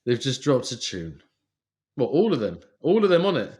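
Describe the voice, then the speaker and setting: A man's voice: mid-range voice, sing-song, moderate pace, darkish tone, husky. A man co-hosting a podcast, bantering and joking in casual chat, swearing freely. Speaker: podcast co-host.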